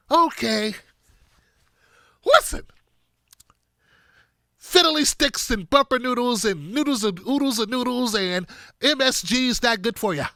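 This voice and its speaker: A chirpy, squeaky older woman politician, folksy and prim, as a man puts her on. The voice sits very high and bright, with corny exclamations tumbling out. Dry close sound. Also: creaky, dry recording, exaggerated voice.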